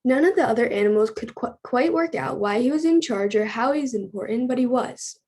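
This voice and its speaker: A woman reading a children's storybook aloud at a church service, earnest and measured. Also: fairly high pitch, lively intonation, darkish tone, breathy edge.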